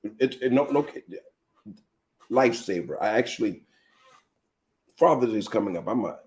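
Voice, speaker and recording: A man hosting a live teaching show as a pastor, telling animated personal stories and speaking straight to his viewers. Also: on the low side, moderate pace.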